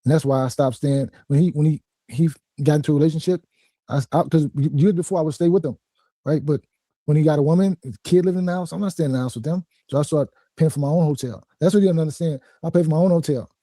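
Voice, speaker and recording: Man in his 50s, boxing trainer, very dark mellow voice, firm and measured. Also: a little high, no room sound, clean studio sound. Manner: measured, explaining himself firmly. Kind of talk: interview clip.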